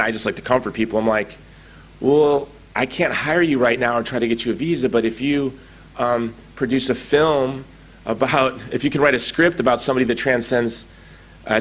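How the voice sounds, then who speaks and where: A middle-aged man giving a conference talk, telling a story with lively acted-out quotes. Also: medium pitch. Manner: animated storytelling, acting out quoted dialogue. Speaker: conference speaker. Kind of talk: anecdotal public talk. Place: conference hall.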